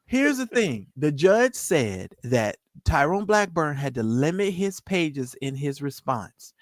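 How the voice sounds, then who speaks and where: Woman, co-host, casual chat, animated emphatic delivery, dry close sound. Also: deep voice, slow, no room sound.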